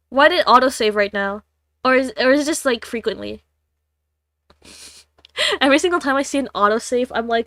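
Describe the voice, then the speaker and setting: A woman's voice: high voice, expressive, normal speed, pauses often, fairly bright tone, no room sound, studio quality. A young woman, congested, streaming a game and reading its story aloud, with giggly, chatty asides between the lines.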